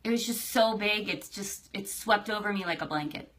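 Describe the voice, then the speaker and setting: A woman's voice: mid-range voice, normal speed, a bit bright. A young adult woman hosting a casual live stream, chatty and emotional, greeting viewers by name. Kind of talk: casual livestream chat.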